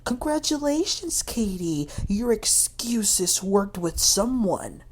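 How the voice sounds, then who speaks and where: A woman voicing a drunk, furious woman who shouts accusations at a dinner table. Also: mid-range voice, sing-song, slow pace, slight background noise, pitched above the performer's own voice. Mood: scornful.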